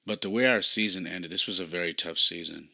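A man's voice: low-pitched, brisk, gravelly, pushed and bright. A man hosting a podcast and reflecting earnestly on his coaching, telling a personal story. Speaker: podcast host and youth baseball coach.

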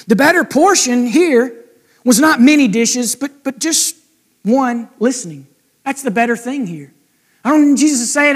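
High-voiced male pastor. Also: normal speed. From United States. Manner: conversational, asks the congregation questions. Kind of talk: sermon.

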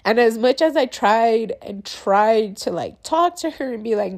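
A woman's voice: a little high, expressive, unhurried, few pauses. A young woman talking candidly in a personal vlog, casual and confessional, using "like" and "bro" a lot and swearing freely. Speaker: vlogger.

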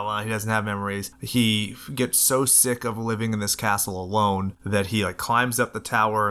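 A man hosting a spoiler podcast, chatting casually and retelling a story with animated voiced quotes. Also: fairly low pitch. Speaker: podcast host. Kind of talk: casual chat.

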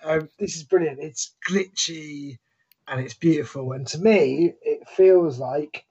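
A man's voice: fairly high pitch, a little slow, dark tone, slightly rough, dull audio. A man co-hosting a music radio show, chatting enthusiastically and laughing often. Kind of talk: casual chat.

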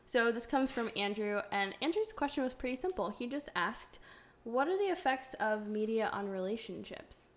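A woman's voice: a little high, animated, moderate pace, few pauses, slight background noise. Upbeat woman hosting a podcast. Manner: upbeat, guiding segments. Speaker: podcast host.

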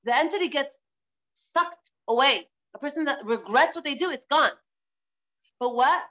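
A woman's voice: high voice, lively intonation, moderate pace, fairly bright tone. A woman teaching a live online religious class, stressing points by repeating phrases, over a video call.

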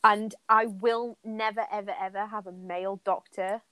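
A woman co-hosting a casual chat, blunt and animated, swearing freely. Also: medium pitch, moderate pace, clean tone, dry recording, poor audio.

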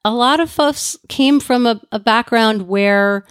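A woman in her thirties, a parenting expert guest telling candid, animated stories on a podcast. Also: on the high side, unhurried, smooth, dry recording, studio quality. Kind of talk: casual podcast conversation.

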